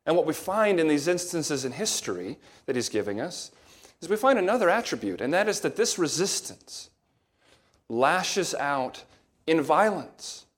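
Emphatic preacher man, slightly high voice. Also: sing-song. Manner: measured, emphatic, slows down on key words. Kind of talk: expository sermon.

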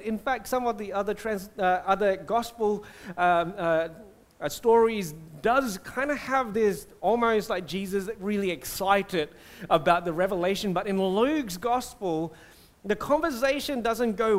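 A man from Singapore, a pastor preaching a conversational, animated sermon. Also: sits high, measured pace.

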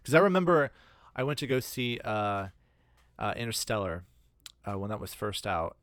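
A man's voice: on the low side, big pitch swings, normal speed, a bit bright, no room sound. A man co-hosting a podcast, telling stories loosely with lots of fillers and swearing. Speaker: podcast co-host. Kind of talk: casual chat.

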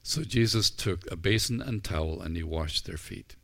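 This middle-aged pastor's sermon comes in a gravelly, low voice at an ordinary speed. Retelling the scenes like a storyteller, he performs the disciples' lines in character.

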